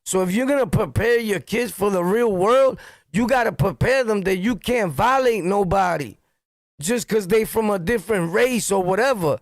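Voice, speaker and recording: A middle-aged man with a New York accent, a streamer telling street stories in a blunt, profane, animated monologue. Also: sits high, moderate pace, no room sound. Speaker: streamer and commentator. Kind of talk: heated street-talk monologue.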